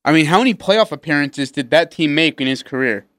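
A man's voice: on the high side, lively intonation, brisk, a bit bright, dry recording. A man in a radio studio talking sports in joking, offhand banter. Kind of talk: casual sports talk radio.

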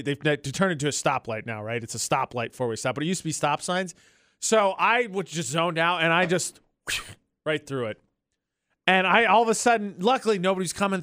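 A man's voice: on the high side, no echo, studio quality. Upbeat man hosting a morning show. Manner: animated storyteller, laughs often. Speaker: radio morning show host. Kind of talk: casual radio banter. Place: radio studio. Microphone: studio mic.

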